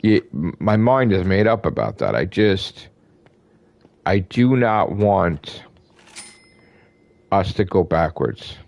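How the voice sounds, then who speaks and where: A man's voice: sits low, big pitch swings, takes it slowly, vocal fry, pauses often, a little mellow. A man hosting his own channel, delivering an emphatic, profane fan rant and repeating himself for emphasis. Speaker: gaming channel host. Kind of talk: excited fan rant to camera.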